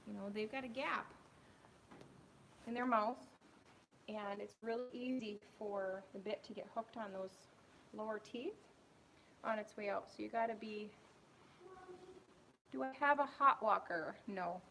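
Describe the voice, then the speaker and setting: A woman's voice: mid-range voice, unhurried, gravelly, long pauses, fairly bright tone, a little hiss or hum. A young adult woman horse trainer chatting and explaining as she goes during a live-stream ride in a riding arena, filmed on a camera on a tripod.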